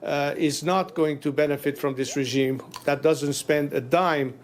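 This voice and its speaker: A man's voice: fairly high pitch, steady tone, a little slow. A middle-aged man from Iran, speaking formally and measuredly as an interviewee on a news broadcast, with frequent hesitations.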